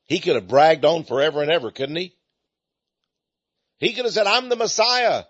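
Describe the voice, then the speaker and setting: An older man with an East Texas drawl, preaching in a folksy, rambling way. His voice is husky, and his pitch swings widely between phrases. The sound is dry and a bit dull, like a lo-fi recording. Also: animated, normal speed, no room sound. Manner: folksy, repeats words, chuckles. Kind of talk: folksy sermon-style talk.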